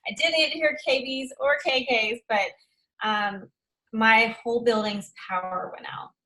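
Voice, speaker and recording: A woman's voice: fairly high pitch, measured pace, bright, forceful tone, low-quality recording. A woman hosting a team call, speaking in an emphatic, motivational way. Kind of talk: casual presentation on a group call.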